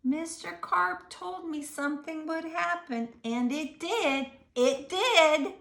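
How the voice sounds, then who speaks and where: A woman reading a bedtime story aloud in an expressive, involving way, asking the listener questions. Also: very high voice, slow, gravelly. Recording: roomy echo.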